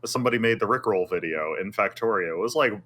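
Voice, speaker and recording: A man's voice: on the low side, expressive, quick pace, fairly bright tone, a little hiss or hum. A man on a tech podcast, joking wryly and sharing opinions in casual chat. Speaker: podcast co-host.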